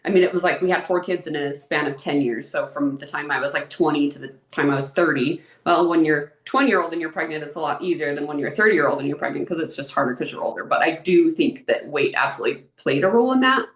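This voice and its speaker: Low-voiced and fast with few pauses, a thirty-something woman speaks as an interview guest in an echoey room. Her candid talk is open, emotional and chatty, peppered with "like."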